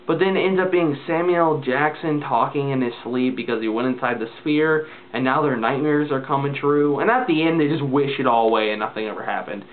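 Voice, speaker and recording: Vlogger man, higher-pitched, rambling exasperated rant, phone-thin webcam audio. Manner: rambling, exasperated, full of "like" fillers. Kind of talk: casual ranting movie review. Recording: tinny phone-like lo-fi sound.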